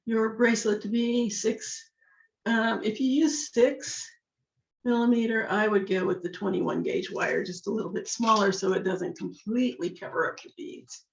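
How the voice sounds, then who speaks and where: A slightly hoarse woman teaching a jewelry-making craft step by step, chatting to herself as she works. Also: on the high side. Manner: chatty, talks to herself while working. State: slightly hoarse, losing her voice. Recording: echoey room, dull lo-fi sound.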